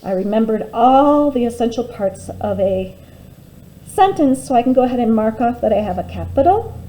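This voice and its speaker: A woman teacher giving a phonics lesson to young children, sounding out words slowly and clearly and encouraging them warmly. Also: a little high, poor audio. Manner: warm, encouraging teacher talk.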